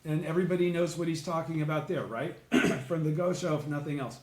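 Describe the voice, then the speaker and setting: A man leading a casual group study session, explaining a text and checking understanding with "okay?" and "right?". He sounds congested and keeps clearing his throat. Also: a little high, fairly even intonation, a little fast, reverberant.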